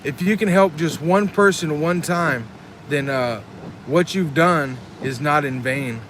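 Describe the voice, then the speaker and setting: A man's voice: a little high, unhurried, noisy background. A man chatting casually on a live stream, earnest and rambling, reading chat comments aloud. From Texas.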